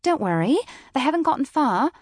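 A woman voicing a flustered young British office worker in a high, hurried, fussing voice. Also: sing-song, a little mellow, dry recording, studio quality.

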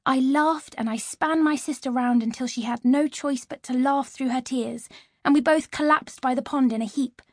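A woman narrating an audiobook in the first person with a lively, expressive reading on a close studio mic. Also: sits high, normal speed, dry recording.

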